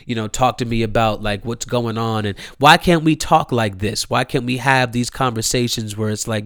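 A man's voice: mid-range voice, moderate pace, few pauses, fairly bright tone, smooth, dry recording, clean studio sound. A young man from Maryland, hosting his own show, ranting in a casual, slangy, profane way and repeating his phrases. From Columbia, Maryland. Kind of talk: casual solo rant.

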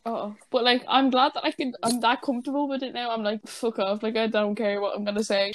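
A woman's voice: high voice, big pitch swings, normal speed, a bit bright, a little hiss or hum. A woman chatting on a podcast, laughing often and joking about herself in frank banter. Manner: laughing, self-mocking banter. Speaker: podcast guest. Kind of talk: casual chat.

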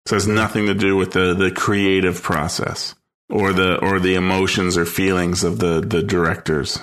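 A man's voice: low-pitched, flat delivery, moderate pace, a bit bright. A man co-hosting a podcast in easygoing casual chat. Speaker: podcast co-host.

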